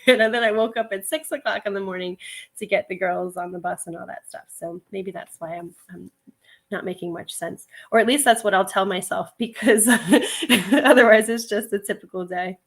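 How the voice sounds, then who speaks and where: A woman's voice: medium pitch, steady tone, fairly quick. A middle-aged woman chatting casually on a livestream, reading viewer comments, laughing often and wandering into asides. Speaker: livestream host, reseller.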